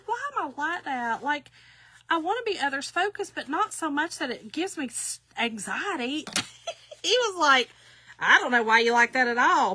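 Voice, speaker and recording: Chatty woman, bright voice. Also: a little high, slightly rough. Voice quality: chatty, rambling storyteller. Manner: talks to viewers while working with her hands. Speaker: craft shop owner. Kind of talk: chatty livestream crafting demo.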